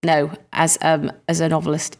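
A woman co-hosting a podcast in casual chat, animated and quick to laugh. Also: low voice, gravelly. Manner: chatty, laughs easily, animated. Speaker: podcast co-host.

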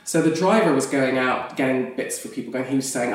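Captured far from the mic in a very echoey room, this actress and podcast guest has a bass voice and speaks animatedly, a little fast, with few pauses. She shares a personal story candidly in conversation, laughing often.

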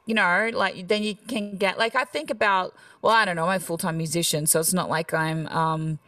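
Young aussie country girl chatting, thick accent, lowish voice, dry room, bit off mic. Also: fairly even intonation, normal speed, sharp tone, dry recording, distant mic. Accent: rural Australian. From Australia. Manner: chatty, laughs often, self-deprecating. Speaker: country music artist, guest. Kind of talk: casual interview chat.

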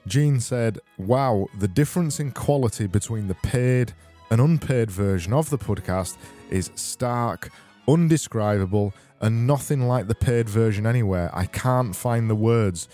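A man hosting a casual solo podcast, reading out listener messages with deadpan, rambling sarcasm. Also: fairly low pitch, a little slow, faint music behind. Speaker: podcast host.

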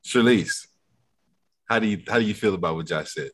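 Guy hosting a podcast, aave, low bright voice, bit husky, teases everyone and calls on folks. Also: brisk. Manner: loose, teasing, calls on guests by name. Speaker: podcast host. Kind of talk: casual podcast chat.

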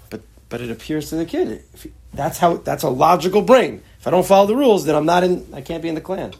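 A man teaching a Torah class in a husky voice that sits a little high. He talks with lively expression, often acting out the lines he quotes. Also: fast talker. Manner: expressive, acts out quotes, mixes Hebrew terms. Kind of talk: class on a text.

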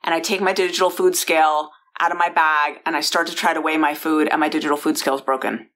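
Low-voiced woman telling a personal story. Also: fairly even intonation, quick pace, a bit bright. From San Francisco. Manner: chatty, with restarts and asides to the listener. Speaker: founder and host. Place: bedroom.

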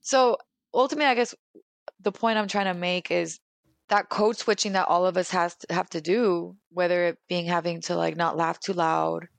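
A young adult woman from California, a guest speaking candidly about her life in an animated, emphatic way, with plenty of "like". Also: on the low side, normal speed, creaky, no room sound. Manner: animated and emphatic, heavy use of "like". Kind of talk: candid personal conversation.

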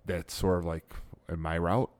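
A middle-aged man hosting a podcast, telling stories in animated, laughing bursts with frequent restarts. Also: low voice, normal speed, no echo. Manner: animated storyteller, laughs often, stumbles and restarts. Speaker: podcast host. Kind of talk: casual podcast chat.

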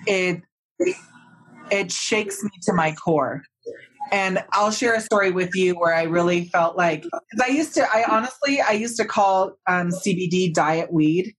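A candid, lively woman hosting a casual podcast chat. Her voice sits a little low, and she laughs through her words as she tells stories. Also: measured pace, husky. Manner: animated, candid, laughs while talking.

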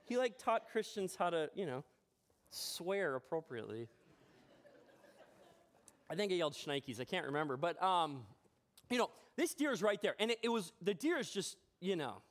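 A man preaching a sermon as pastor in a church, telling a personal story in a chatty, animated way with self-deprecating humor. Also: high-pitched, moderate pace, pauses often. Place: church sanctuary.

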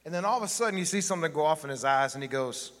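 A man's voice: on the high side, expressive, racing, fairly bright tone, big-room sound. A man pastor giving a sermon in a church, joking and chatting with the congregation. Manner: joking, conversational preaching with the congregation. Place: church sanctuary.

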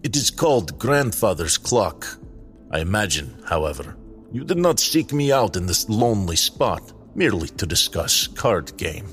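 A man voicing a sad, weary old male wanderer who speaks haltingly and drops small words. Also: on the low side, very animated, fairly bright tone, faint music behind, pitched above the performer's own voice. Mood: sorrowful. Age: older.

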